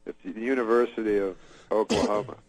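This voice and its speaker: A man from Canada, a comedian telling a long story in a rambling, deadpan way and chuckling along as he goes. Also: lowish voice, brisk, vocal fry, no echo, poor audio. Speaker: comedian guest. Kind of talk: casual storytelling.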